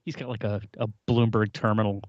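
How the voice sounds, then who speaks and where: A man co-hosting a casual live tech podcast, sarcastic and animated. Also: fairly low pitch, a little fast, no room sound, lo-fi sound. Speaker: podcast co-host. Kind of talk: casual live-stream chat.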